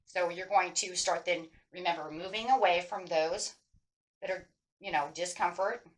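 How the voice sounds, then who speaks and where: A woman tarot reader with a somewhat low voice talks her viewers through spiritual advice in a casual way. She is earnest and emphatic, repeats her key phrases, and keeps tagging her points with a quick "right?". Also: steady tone, low-quality recording.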